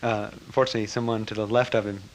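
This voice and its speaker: Older man with a low voice, telling a story. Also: slight background noise, poor audio. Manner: reflective, halting, with lively acted-out quotes. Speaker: speaker recounting a spiritual teacher. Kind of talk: personal storytelling to a gathering.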